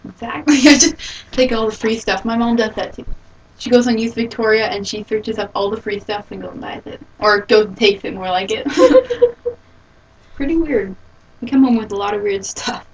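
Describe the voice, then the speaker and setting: A woman's voice: on the high side, animated, normal speed, lo-fi sound. Playful young woman, distant and slightly noisy. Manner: laughing, playful joking. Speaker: guest friend. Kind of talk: casual chat. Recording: distant mic with faint noise.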